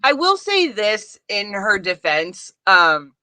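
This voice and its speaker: A woman co-hosting a casual true-crime podcast, wry, sometimes breaking into shrill impressions. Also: big pitch swings, slow pace, sharp tone, dry recording. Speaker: podcast co-host.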